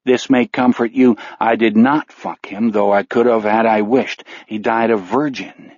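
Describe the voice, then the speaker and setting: A calm, menacing killer's voice, flat and chilling, read by a male audiobook narrator. Low and unhurried. The sound is dull and close, with no room around it. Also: no echo. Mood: cold. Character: menacing anonymous letter writer, cold and calm. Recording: dull, dry studio audio.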